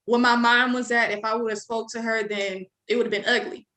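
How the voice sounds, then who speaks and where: A woman's voice: fairly high pitch, brisk. A young adult woman, a guest, telling a story in casual chat and acting out what people said. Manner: animated, acts out quoted people. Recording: roomy echo.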